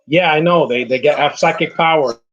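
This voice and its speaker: A man's voice: a little high, brisk, fairly bright tone, highs cut off. A man giving casual, opinionated live commentary while watching a movie, rambling and restarting his sentences.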